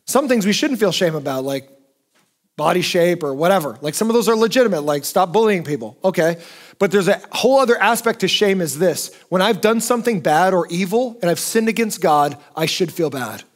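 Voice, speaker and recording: A man's voice: high voice, animated, a little fast. A male pastor preaching a sermon in a conversational, emphatic way.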